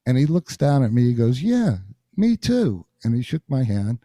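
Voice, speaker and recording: A man from New Jersey, a bassist and interview guest, telling stories in an animated way and acting out what people said. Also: fairly quick, no echo, studio quality. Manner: animated storyteller acting out quotes. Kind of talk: storytelling interview.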